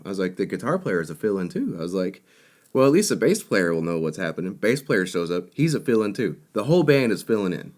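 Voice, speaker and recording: A young man in his twenties, co-hosting a podcast and telling a gig story in a casual, animated way, acting out the lines of the people in it. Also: on the low side. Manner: animated, quick to act out quotes. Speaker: podcast co-host.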